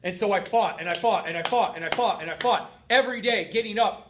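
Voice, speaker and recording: A man's voice: high-pitched, fairly quick, hardly any pauses, fairly bright tone. A man hosting a heartfelt motivational talk as a fitness coach, earnest and emphatic, stacking up repeated phrases.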